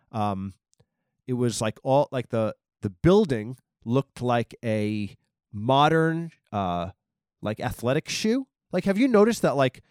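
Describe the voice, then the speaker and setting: Casting: male podcast host from Long Island, meandering comic storyteller, mid pitch, crisp and dry. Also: darkish tone, dry recording. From Long Island, New York. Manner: meandering, many ums and likes, self-interrupting. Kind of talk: rambling comic storytelling monologue.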